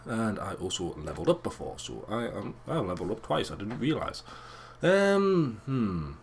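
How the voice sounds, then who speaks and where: A young man giving casual, crude and excitable commentary over a video game. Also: on the low side, fairly quick, vocal fry, slight background noise. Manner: crude, swearing, excitable and joking. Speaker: let's play gamer.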